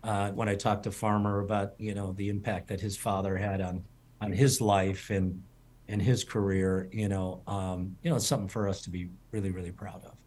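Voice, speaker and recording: A man's voice: low voice, level tone, normal speed, slight background noise. Rambling middle-aged man telling stories. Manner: rambling, repeats words, warm storytelling. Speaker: culinary school president, guest. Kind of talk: casual interview chat.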